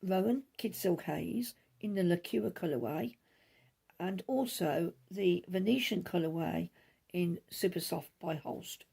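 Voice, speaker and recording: Chatty middle-aged host, gravelly and a touch husky, rambles fast with asides. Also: female voice, lowish voice, warm tone. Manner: rambling, chatty, talks quickly with many asides. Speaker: knitting podcast host. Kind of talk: casual chat.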